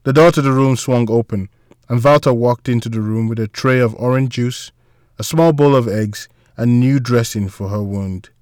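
A man reads a story aloud in a steady, even narrating voice. His pitch sits mid-range for a man, and the recording is close and dry with no room echo. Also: normal speed. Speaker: audiobook narrator. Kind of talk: scripted narration.

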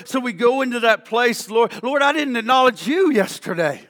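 A man preaching a sermon as pastor, moving between impassioned calls and hushed prayer. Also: very high voice, animated, moderate pace. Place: church sanctuary.

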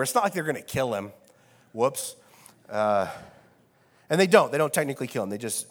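Wry pastor, reverberant church hall. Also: male voice, mid-range voice. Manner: casual and wry, with many fillers. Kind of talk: conversational sermon. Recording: long reverb of a large hall.

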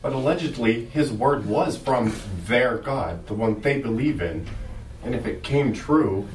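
A man's voice: medium pitch, unhurried. A man in a class discussion pressing the teacher with challenging questions. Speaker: class member. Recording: distant, echoey, faint noise.

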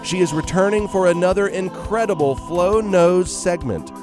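A man with a fairly high voice hosts a comic radio show in a playful, hammy announcer style. He banters lightly and tends to overplay his lines. Faint music sits underneath. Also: normal speed.

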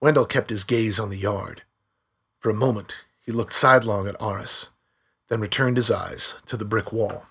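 Husky male audiobook narrator. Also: fairly low pitch, normal speed, a bit bright.

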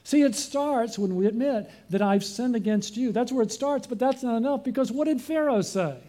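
Male pastor, high mellow voice, preaching with rhetorical questions. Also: moderate pace. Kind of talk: sermon.

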